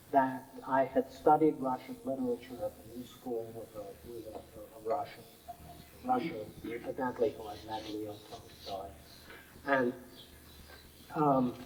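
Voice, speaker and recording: Mellow-voiced man telling stories. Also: mid-range voice, fairly even intonation, a little slow, pauses often, poor audio. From United States. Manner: rambling anecdotal storytelling, frequent chuckles and fillers. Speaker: interviewee. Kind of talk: oral history storytelling.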